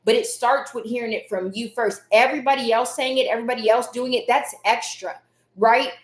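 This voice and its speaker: A woman's voice: a little high, fairly even intonation, brisk. A woman hosting a live self-care talk, earnest and encouraging, repeating phrases for emphasis. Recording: echoey room.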